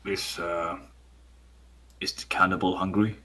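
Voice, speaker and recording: Low husky-voiced male player. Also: flat delivery, a little slow, sharp tone.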